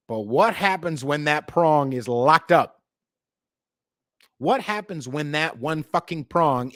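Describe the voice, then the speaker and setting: Middle-aged male podcast host, lively swinging pitch, dry close sound, sarcastic and profane. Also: unhurried, no room sound. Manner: animated, sarcastic, mocks others in put-on voices, swears a lot. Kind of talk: profane political rant.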